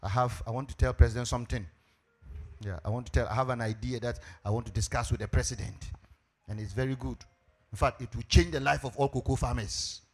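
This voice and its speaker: A preacher acts out a humble male cocoa farmer with a Ghanaian accent, who pleads his case earnestly and plainly. The voice sits a little low and carries a gravelly, husky texture. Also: steady tone, quick pace, soft background music, lightly acted.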